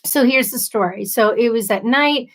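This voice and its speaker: A woman's voice: fairly high pitch, moderate pace. A woman hosting a casual live stream, reading viewer comments aloud and answering them with sympathy and playful asides. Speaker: livestream host.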